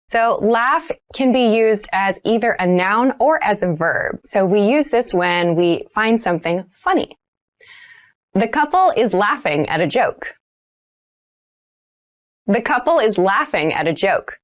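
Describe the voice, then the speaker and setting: A woman's voice: mid-range voice, big pitch swings, measured pace. A woman teaching English vocabulary, repeating each word and example sentence three times and explaining them in simple, patient terms. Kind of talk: vocabulary lesson, repeating words slowly.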